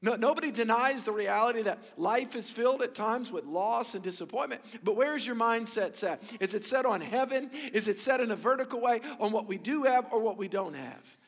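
A man's voice: very high-pitched, fairly quick, hardly any pauses, big-room sound. A male pastor preaching a sermon, emphatic and repetitive, speaking to his congregation. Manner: emphatic, repetitive, stumbles and restarts, addresses congregation. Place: church sanctuary.

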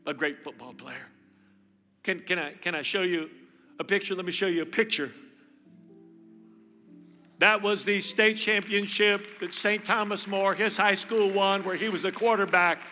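Man, pastor preaching, high voice, bright, emphatic repetition. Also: unhurried, long pauses. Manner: animated storytelling, repeats phrases for emphasis. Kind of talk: sermon. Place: church hall. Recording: reverberant hall, faint music.

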